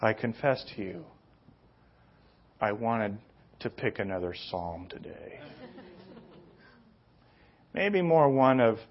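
A middle-aged man preaching a sermon, telling rambling, self-deprecating personal stories that grow loud and excited in the retelling. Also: fairly low pitch, slow pace, pauses often, lo-fi sound. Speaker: pastor.

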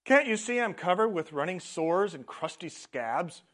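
A man playing a desperate, high-voiced leper. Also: lively intonation, moderate pace. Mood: pleading. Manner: pleading, then overjoyed and shouting thanks. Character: desperate pleading male leper, grown man.

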